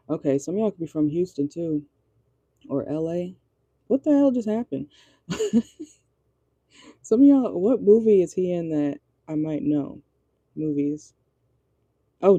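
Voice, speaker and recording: A woman's voice: low-pitched, mellow, dry recording. A woman giving a casual tarot reading from inside a car, chatty and rambling, laughing often and swearing casually. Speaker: tarot reader.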